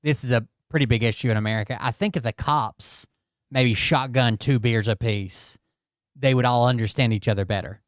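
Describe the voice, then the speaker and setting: A man's voice: medium pitch, moderate pace, dry recording, clean studio sound. A man hosting a commentary video, sarcastically mocking the footage he's watching. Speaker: commentary channel host.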